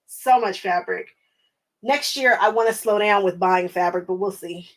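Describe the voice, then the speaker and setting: A woman's voice: mid-range voice, moderate pace. An American woman hosting a quilting livestream, chatting casually with viewers, laughing often and thinking aloud with lots of fillers.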